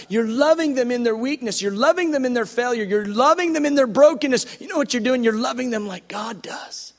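A middle-aged man with a high, light voice delivers an impassioned sermon, stacking repeated phrases until he is nearly shouting, then sinking to a hush. His voice rings with a long hall reverb. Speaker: preacher.

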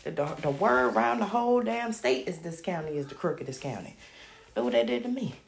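A woman podcast host ranting casually to her listeners, loud and emphatic, swearing constantly and calling them y'all, talking into a phone as she walks around her house. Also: medium pitch, animated, brisk, vocal fry, noisy background. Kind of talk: casual profane rant to listeners. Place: at home, walking around the house.

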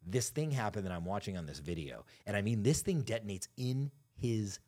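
Husky low-voiced man telling a story. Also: expressive, a little fast, warm tone. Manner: profane, candid storytelling with acted quotes. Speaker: podcast co-host. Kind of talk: casual podcast chat.

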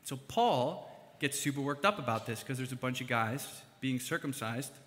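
A young man preaching a casual sermon, chatty and animated, with fillers and asides. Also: medium pitch, normal speed. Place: church hall. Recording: long hall reverb.

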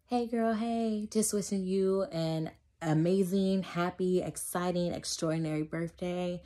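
A woman's voice: lowish voice, fairly even intonation, unhurried, warm tone. A woman recording an upbeat, encouraging birthday message for a friend, using casual slang.

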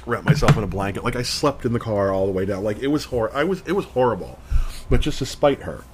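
Male podcast co-host, lower voice, chatty rambling storyteller. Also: fast, very noisy. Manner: rambling, animated, full of "like" and acted-out quotes. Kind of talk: casual storytelling chat.

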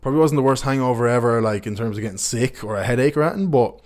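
A man's voice: mid-range voice, very fast, darkish tone. A young man hosting a podcast, telling candid, rambling, sweary anecdotes in casual chat. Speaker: podcast host.

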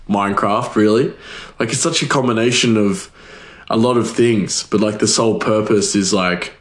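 Chatty guy hosting his podcast, rambles a lot, roomy echo. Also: lowish voice. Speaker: podcast host. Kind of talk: casual chat. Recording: echoey room.

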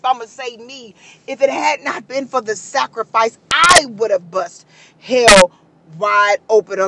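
A preacher delivering an emotional sermon, breaking into shouted whoops and drawing phrases out slowly. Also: high-pitched. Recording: loud background noise, vehicle sounds.

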